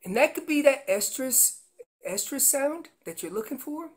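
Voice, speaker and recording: A man giving a hands-on lesson as a guest instructor, explaining elk calls step by step with emphatic, animated delivery. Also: very high-pitched, normal speed. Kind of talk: instructional demonstration.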